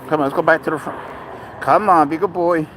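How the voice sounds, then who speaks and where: Strolling outdoors by a cemetery with his cat, this man vlogs casually, addressing both the camera and his pet as if it were a friend. He speaks fast in a slightly high, fairly even, somewhat bright voice over a little background noise.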